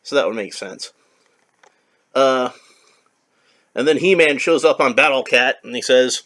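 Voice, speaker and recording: Bright-voiced man chatting about toys. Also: medium pitch, a little slow, pauses often. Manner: chatty and rambling, with many fillers. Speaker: toy collector and reviewer. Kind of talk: casual unboxing commentary.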